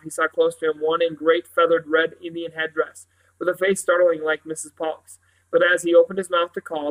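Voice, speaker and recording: A man reading a children's novel aloud in a steady narrating voice, with a few slips and restarts. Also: a little high, rough recording. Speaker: audiobook reader.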